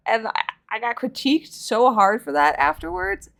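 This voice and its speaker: A young woman with a voice on the high side talks fast as she paints figures on stream. She chats casually and playfully, rambling through stories in an animated way.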